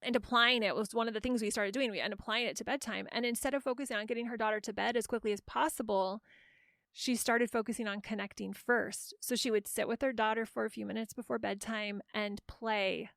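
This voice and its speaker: A woman's voice: fairly high pitch, steady tone, a little fast, gravelly, no room sound, clean studio sound. A middle-aged woman hosting a parenting podcast, explaining her method in an encouraging coaching tone with frequent restarts. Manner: warm coaching tone with many restarts. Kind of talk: solo podcast teaching.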